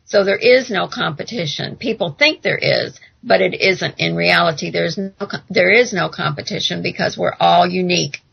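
Gravelly American woman chatting. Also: on the low side, moderate pace, hardly any pauses, highs cut off. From United States. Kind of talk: casual podcast chat.

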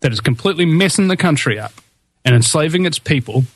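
A man's voice: a little high, lively intonation, quick pace, dry recording. A man hosting a talk radio show, full of fillers and restarts, turning to emphatic, preaching delivery. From New Zealand. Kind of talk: impassioned political talk.

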